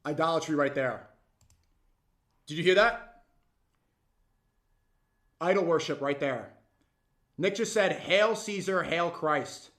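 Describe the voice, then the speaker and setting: High-voiced young man ranting heatedly. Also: takes it slowly, long pauses. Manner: heated, mocking, swings loud. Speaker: streamer reacting to a clip. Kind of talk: reaction commentary.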